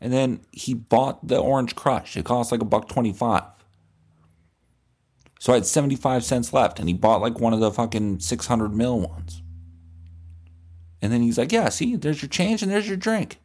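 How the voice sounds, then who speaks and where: A man hosting a comedy podcast, telling a crude, deadpan, rambling comic story. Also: mid-range voice, moderate pace, long pauses.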